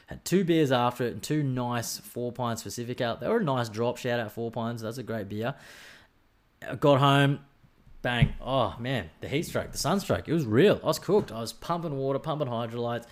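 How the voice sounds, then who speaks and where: A man's voice: mid-range voice, normal speed. A young man with an Australian accent telling a rambling, sweary story in a casual podcast chat, acting out bits of dialogue. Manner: rambling, sweary, animated storytelling with acted-out quotes.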